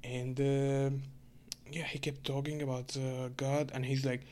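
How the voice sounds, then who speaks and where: A man's voice: mid-range voice, little pitch movement, measured pace, darkish tone. Egyptian man ranting casually. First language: Arabic. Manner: rambling, frequent fillers, swears, exasperated. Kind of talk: casual storytelling rant.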